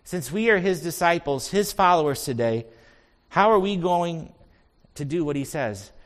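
A man's voice: on the high side, lively intonation, moderate pace. A man pastor delivering an earnest sermon, telling stories and building to emphatic points. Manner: earnest, storytelling preacher with rising emphasis.

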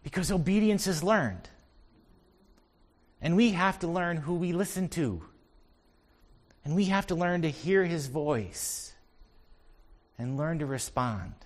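A man's voice: on the high side, expressive, takes it slowly, long pauses. A man pastor delivering an earnest sermon, telling stories and building to emphatic points. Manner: earnest, storytelling preacher with rising emphasis.

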